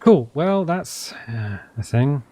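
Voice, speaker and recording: This gameplay commentator speaks slowly and mellowly at a medium pitch, his voice swinging widely up and down on a dry recording. As he plays a survival game, he wanders from thought to thought, mutters to himself, and pokes fun at himself.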